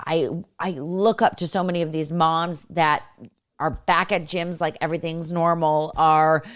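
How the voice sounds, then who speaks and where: A woman's voice: sits low, steady tone, measured pace, smooth. A woman podcast host in her thirties, talking casually and rambling with many fillers. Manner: rambling, lots of fillers like "you know". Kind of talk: casual conversational interview.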